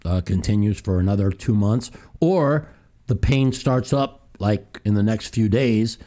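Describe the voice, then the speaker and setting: A man's voice: on the low side, a little slow, warm tone. A man hosting a call-in talk show, ranting heatedly with profanity and mocking quotes.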